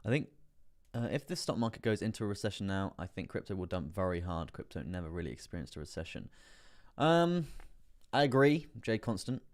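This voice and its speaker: A man hosting a live trading stream, chatty and rambling with many fillers, laughing often and getting excitable as prices move. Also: sits low, fairly quick. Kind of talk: live stream market commentary.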